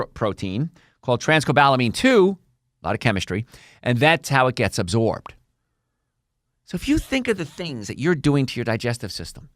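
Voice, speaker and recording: Middle-aged male chiropractor host, salesy and upbeat, slightly high voice, dry close mic. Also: no room sound. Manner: energetic, salesy, acts out patients' voices. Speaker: chiropractor and health show host. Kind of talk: solo health podcast monologue.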